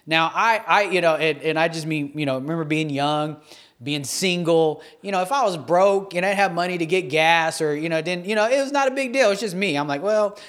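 A man in his thirties preaches a sermon in a slightly high voice. He reads scripture, then retells it in a casual, earnest way, full of restarts and fillers. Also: brisk, fairly bright tone, smooth. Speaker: pastor.

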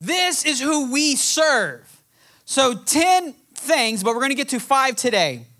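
A man's voice: very high voice, big pitch swings, takes it slowly, pushed and bright. A man preaching a sermon, reading scripture aloud and building to emphatic, passionate points. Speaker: pastor.

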